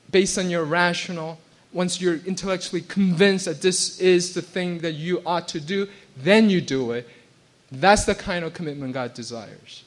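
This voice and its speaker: A man with a high-set voice gives a sermon as a pastor. He talks conversationally, restarting phrases and checking in with his congregation. He now and then acts out quoted voices and laughs. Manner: conversational preaching with frequent restarts and "right?" check-ins.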